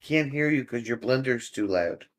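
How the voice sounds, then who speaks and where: A man's voice: medium pitch, animated, moderate pace. A man hosting a casual livestream, chatting easygoing with viewers, reading their comments aloud and chuckling often. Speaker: livestream host. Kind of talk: casual chat with live viewers.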